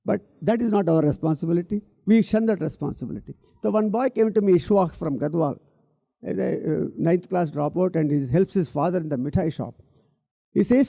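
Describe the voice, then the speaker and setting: A man's voice: high-pitched, lively intonation, a little fast, creaky, mellow, no echo. A middle-aged man, giving an earnest public talk on stage, repeating key words for emphasis and speaking directly to the audience. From India.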